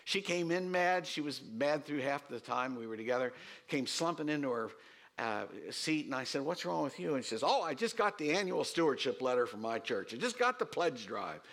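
A man preaching a sermon to his congregation, repeating key lines for emphasis. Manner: animated preaching, swooping pitch, quick asides. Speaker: pastor.

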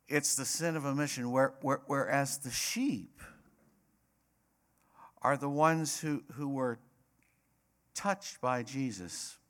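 A man's voice: mid-range voice, slow pace, long pauses, a bit bright. A man preaching a sermon as pastor, emphatic and repetitive, rising to passionate peaks.

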